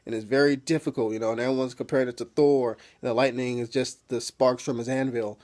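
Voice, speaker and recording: A man's voice: mid-range voice, fairly even intonation, fast, a little mellow. A man casually recapping a TV episode as a reviewer, rambling with many fillers and swearing freely.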